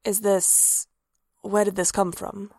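A woman's voice: medium pitch, flat delivery, takes it slowly, darkish tone, no echo. A woman voicing a shrewd, dazed young elf woman with a dry, wry manner, recorded dry and close.

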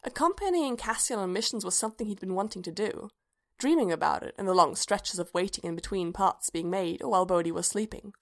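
A woman narrates a story aloud in a measured, even-paced reading. Her voice sits at a typical middle pitch for a woman. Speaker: reader.

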